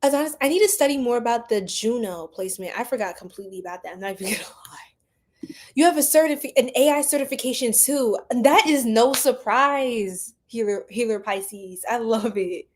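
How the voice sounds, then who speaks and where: A woman's voice: fairly high pitch, lively intonation, fairly quick, hardly any pauses. A young woman hosting a psychic livestream, chatting casually, reading comments, greeting viewers by name and laughing often.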